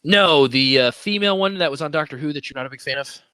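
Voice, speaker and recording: A man co-hosting a casual podcast, playful and quick to joke and laugh. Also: a little high, bright, forceful tone, clean tone, no echo. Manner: playful, jokey, laughs often. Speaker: podcast co-host. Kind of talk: casual chat.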